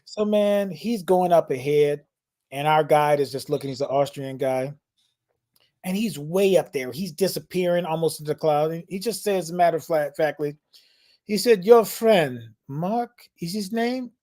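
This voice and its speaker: A man co-hosting a casual podcast, telling a story in a lively, laid-back way with plenty of slang. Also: on the high side, moderate pace. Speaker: podcast co-host, musician.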